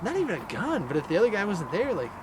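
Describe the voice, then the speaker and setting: A man co-hosting a casual outdoor chat, speaking in a measured way and weighing both sides. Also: high voice, wildly swooping pitch, background noise. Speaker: co-host.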